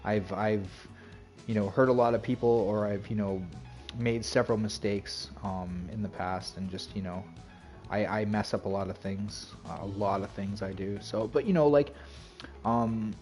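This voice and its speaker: A man's voice: fairly low pitch, steady tone, moderate pace, a little mellow, soft background music. Rambling man chatting on stream. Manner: rambling, filler-heavy, self-interrupting. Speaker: game streamer. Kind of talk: casual stream chat.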